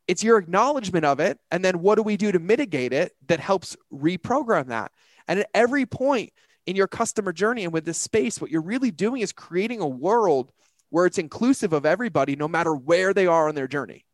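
High-voiced animated male business coach. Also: a little fast, no room sound. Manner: animated, slangy, acts out quotes. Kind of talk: casual business talk.

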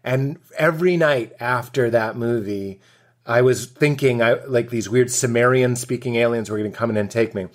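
On a podcast, a comedian guest with a mid-range voice chats at normal speed. He's a lively storyteller who acts out quotes and laughs frequently in a casual conversation.

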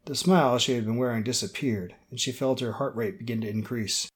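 Man, audiobook narration, steady, measured, mid pitch. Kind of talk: scripted narration.

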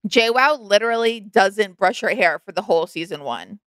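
A woman co-hosting a casual podcast, retelling reality TV moments in an animated way. Her voice is bright and clean, and the sound is close and dry with no room echo. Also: medium pitch, moderate pace. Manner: animated retelling with acted-out quotes. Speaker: podcast co-host. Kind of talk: casual chat about reality TV.

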